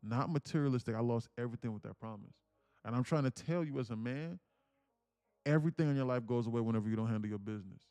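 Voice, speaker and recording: A man's voice: mid-range voice, quick pace, warm tone, clean tone, dry recording, soft background music. A young man telling an emotional story on a live stream, earnest and preachy, repeating himself, swearing casually and near tears. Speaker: day trading streamer.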